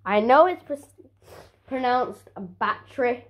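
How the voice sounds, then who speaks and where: A woman's voice: on the high side, lively intonation, moderate pace, dull audio. A woman unboxing a new phone for her vlog, talking casually with sarcastic, grumbling asides. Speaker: vlogger.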